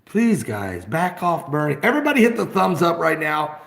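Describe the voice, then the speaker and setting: A man hosting an off-the-cuff live broadcast from his phone, rambling and excitable, bursting into shouts. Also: a little high, brisk, vocal fry, echoey room. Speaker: host of an online live broadcast.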